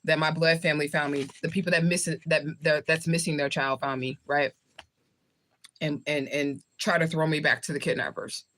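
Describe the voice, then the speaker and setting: A woman's voice: sits low, level tone, moderate pace, fairly bright tone. Chatty woman livestreaming while snacking. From southern United States. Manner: rambling, talks while eating. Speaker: livestream host. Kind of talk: casual live chat with viewers.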